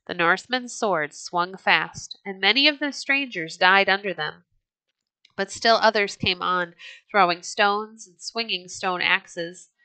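Rich: A woman reads an old storybook aloud with a gentle, measured delivery. Her voice is bright and clear, and it sits close and dry with no room sound. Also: medium pitch, no echo. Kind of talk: storybook read-aloud narration.

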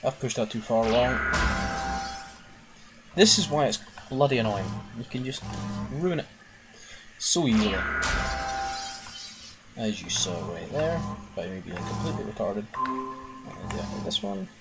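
A man's voice: medium pitch, unhurried, pauses often, over loud music. A man casually commentating on a puzzle game as he plays, exclaiming and swearing at it. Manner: excitable, swears and exclaims while playing. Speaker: gaming video host. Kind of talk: casual let's-play commentary.

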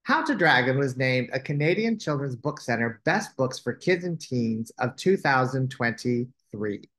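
Male storybook reader, unhurried, sing-song, for kids' read-alouds. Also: medium pitch. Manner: slow, expressive storytelling. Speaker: children's book reader.

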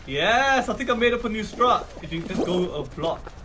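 Excitable young man with a lively voice. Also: high-pitched, moderate pace. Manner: excitable, swings from muttering to shouting. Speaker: gaming YouTuber. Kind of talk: live gameplay commentary. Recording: music playing under the voice.

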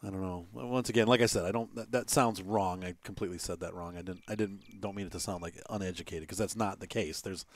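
A man's voice: low voice, steady tone, fast talker, hardly any pauses. A man hosting a gaming channel, giving casual gameplay commentary in a rambling way, with many fillers and little chuckles. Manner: chuckles between remarks.

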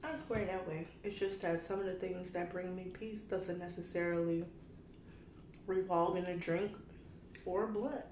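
A woman's voice: on the low side, fairly even intonation, normal speed, darkish tone, a little hiss or hum. Young woman in her twenties, casual vlogger with slangy straight talk, camera mic in a roomy space with faint background ambience. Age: 20s. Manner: candid, slangy, talks straight to viewers. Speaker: food vlogger. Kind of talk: casual chat to camera while eating.

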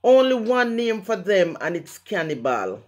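A poet from Jamaica recites a rhyming poem rhythmically in a Jamaican accent, using patois phrasing. The mid-range voice is very animated yet keeps a measured pace.

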